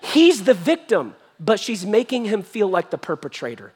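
A man preaching a sermon as pastor, telling a story in an animated, joking way. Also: high voice, moderate pace, breathy edge. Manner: animated, jokey storytelling with acted voices. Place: church.

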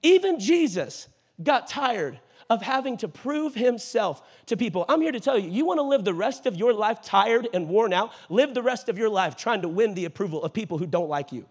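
A male pastor preaching in a church with a bright, high-pitched voice. He is animated and funny, dropping into playful voices for scripture characters before driving his points home with rising intensity. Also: fairly quick, hardly any pauses, slightly rough. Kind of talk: sermon. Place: church auditorium.

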